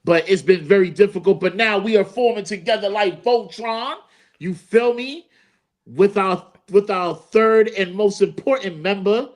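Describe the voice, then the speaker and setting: A man co-hosting a podcast in easygoing, joking chat. His voice sits a little high for a man. He keeps checking in with his listeners as he rambles. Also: a little slow. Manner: loose and joking, keeps saying "you feel me". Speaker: podcast co-host. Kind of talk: casual chat.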